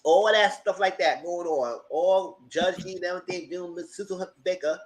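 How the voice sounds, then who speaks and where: Guy doing a live tv recap, chatty and slangy, jumps loud when he quotes people. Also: sits high, normal speed, rough recording. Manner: animated, slangy, bursts into loud mock quotes. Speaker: channel host, TV reviewer. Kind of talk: casual live TV review chat.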